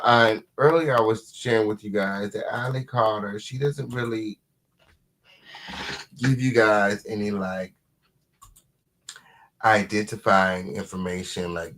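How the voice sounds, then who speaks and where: A man hosting a casual live commentary stream at home, sassy and full of repeated drawn-out catchphrases. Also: fairly low pitch, a bit bright. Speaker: livestream host.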